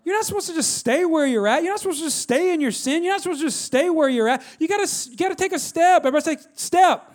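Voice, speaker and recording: A man in his thirties delivers a sermon in a bright, high voice. He preaches with lively energy, repeating his key lines and asking the congregation to respond. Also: fast, few pauses. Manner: drops low and quiet when telling a story. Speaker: pastor.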